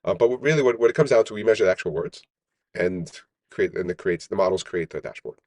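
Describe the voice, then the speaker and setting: A man's voice: sits low, lively intonation, fast talker, darkish tone, dry recording. A man, a startup founder, talking as a guest in a casual podcast interview, rambling with many restarts and "right?" tags.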